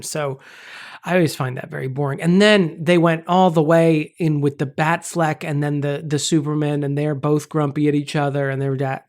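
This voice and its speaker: A man's voice: on the high side, level tone, normal speed. A man co-hosting a movie podcast in casual chat, opinionated and playful with jokey asides. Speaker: podcast co-host.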